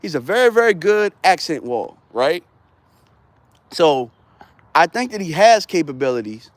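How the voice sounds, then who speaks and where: A man talking football on a casual live stream, animated and rambling, full of slang. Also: on the high side, unhurried, no echo. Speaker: sports streamer.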